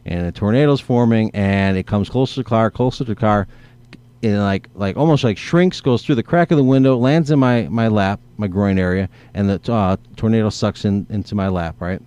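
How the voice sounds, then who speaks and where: A man's voice: on the low side, fairly quick, warm tone, smooth. A man in casual conversation, telling a rambling story and acting out his own inner dialogue. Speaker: guest.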